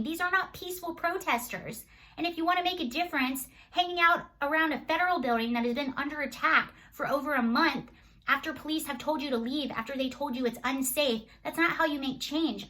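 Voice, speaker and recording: A woman's voice: high voice, bright, forceful tone, low-quality recording. A young adult woman giving an opinion vlog monologue, indignant and firing off rhetorical questions. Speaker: political commentator.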